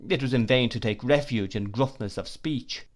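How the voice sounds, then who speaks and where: A man narrating a classic novel in the first person, reading at a measured pace. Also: medium pitch. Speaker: audiobook narrator.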